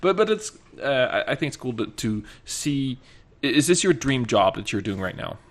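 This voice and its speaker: A man's voice: medium pitch, lively intonation, normal speed. A man hosting a podcast, chatting casually, joking and stumbling over his words. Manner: joking, stammering restarts. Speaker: podcast host. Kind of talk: casual chat.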